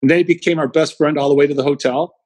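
A middle-aged man, a guest speaker, telling animated anecdotes in an interview and acting out the quotes. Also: on the high side, fast talker, rough recording. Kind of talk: storytelling in an interview.

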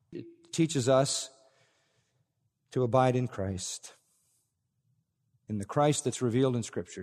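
A man's voice: medium pitch, a little slow, long pauses, darkish tone. A man preaching an expository sermon, earnest and emphatic, often repeating key phrases. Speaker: pastor. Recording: long reverb of a large hall.

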